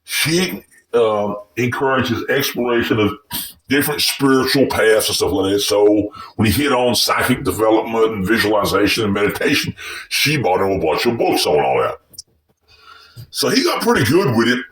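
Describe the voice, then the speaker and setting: Low, animated man telling a story. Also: normal speed, distant mic, rough recording. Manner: rambling and profane, with many restarts. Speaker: vlogger telling a personal story. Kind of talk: casual storytelling.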